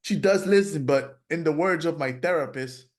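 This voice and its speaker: A man's voice: on the high side, normal speed. A man hosting a podcast, speaking candidly in a rambling, casual way, often saying "you know". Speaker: podcast host. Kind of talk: casual interview chat.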